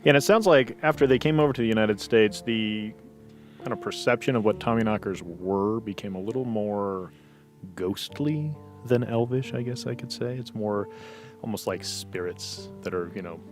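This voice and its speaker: A man with a lowish voice tells folklore in an easy, rambling way on a podcast, filling pauses with you-knows. Faint guitar music runs underneath. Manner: easygoing storyteller, many you-knows and fillers. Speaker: podcast co-host. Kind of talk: casual paranormal podcast chat.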